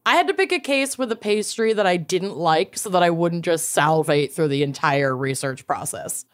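A woman co-hosting a podcast in casual chat, playful and quick to joke. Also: fairly low pitch, lively intonation. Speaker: podcast co-host.

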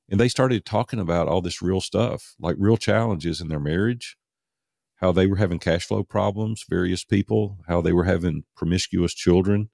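A man's voice: low-pitched, vocal fry, darkish tone, no room sound, studio quality. A middle-aged man, a podcast guest, telling a candid personal story in an earnest, conversational way and repeating words for emphasis.

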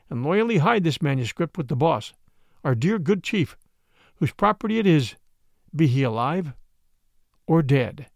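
Gravelly man with lively narration. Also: on the high side, dry recording, clean studio sound. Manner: expressive reading with shifting emphasis. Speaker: audiobook narrator. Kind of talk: scripted story narration.

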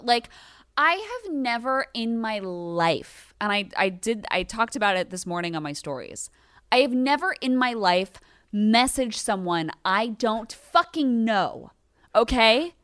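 Thirtysomething woman host going off on a rant, smooth voice, dry close mic, swears a ton. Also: fairly high pitch, expressive, measured pace, fairly bright tone, no echo. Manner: ranting, profane, emphatic. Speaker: podcast host. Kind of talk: casual chat.

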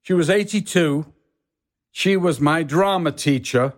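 Older Englishman with a soft Yorkshire accent. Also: fairly high pitch, unhurried. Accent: northern English, soft Yorkshire. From England. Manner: rambling storyteller, many "you know"s, does voices in quotes. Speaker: guest actor. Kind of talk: casual anecdotal chat.

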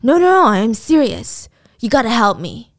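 A woman's voice: on the high side, big pitch swings, normal speed. A woman reading a flustered young man's text messages in close to her own voice, with a plain delivery. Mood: eager. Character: eager awkward young man Mike.

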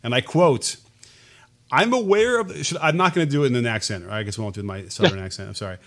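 A man's voice: on the low side, expressive, racing, fairly bright tone. A man co-hosting a political podcast, reading statements aloud and commenting wryly, often stumbling over his words and searching for them. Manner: hesitant, many fillers and restarts, wry. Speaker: podcast co-host.

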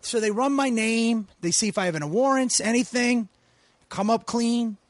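Comedian, 40s, male, high-pitched, animated and profane, quotes people in character, dry mic. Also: normal speed, no room sound. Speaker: comedian guest. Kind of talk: casual podcast storytelling.

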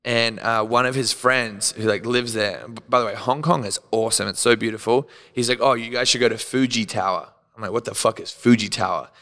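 Australian male guest, bright and crisp, profane and animated storyteller, reverby room. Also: medium pitch, a little fast, hardly any pauses. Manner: animated, profane, laughs often, acts out quotes. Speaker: podcast guest. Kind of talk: casual storytelling.

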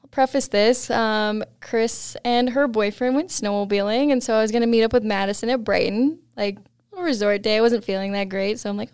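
Young woman guest, relaxed storyteller with frequent laughs, clear voice pitched a bit high. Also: fairly quick, dry recording, studio quality. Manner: laughs often, animated when quoting others. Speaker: podcast guest, snowboarder. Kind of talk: casual chat, storytelling.

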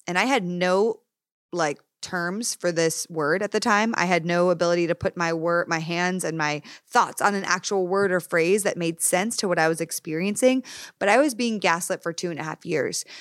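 A woman's voice: on the low side, dry recording, studio quality. Earnest young woman hosting a podcast. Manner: earnest, emphatic, speaks directly to listeners. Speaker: podcast host. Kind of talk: candid solo podcast talk.

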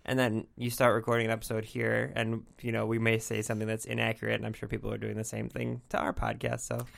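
A man's voice: lowish voice, completely flat delivery, fast talker, gravelly, a bit bright. A man hosting a podcast in casual chat, rambling and self-deprecating, laughing often. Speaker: podcast host.

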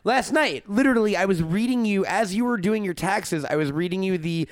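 A man co-hosting a casual podcast chat, excitable and swearing freely. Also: high-pitched, no room sound. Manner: fast, excitable, swears often. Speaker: podcast co-host.

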